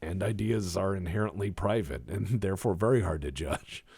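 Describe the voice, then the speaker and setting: A man's voice: low voice, moderate pace, vocal fry, darkish tone, slightly rough, no room sound. A man co-hosting a podcast, chatting casually and rambling in a self-mocking way while he plays a game. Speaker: podcast co-host.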